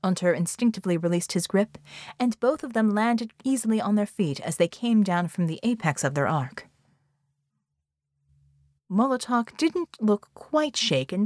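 A woman narrating an adventure audiobook in a steady, even storytelling manner. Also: mid-range voice, no echo, studio quality. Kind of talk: scripted narration.

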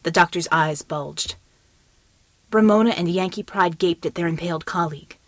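A woman reading an audiobook in measured scripted narration, close to the microphone. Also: lowish voice, dry recording.

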